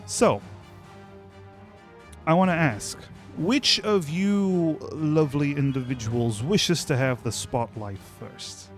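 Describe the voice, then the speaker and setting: A man's voice: on the high side, slow pace, faint music behind. Laid-back man running a tabletop game. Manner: relaxed, chatty, many fillers and restarts. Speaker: game master.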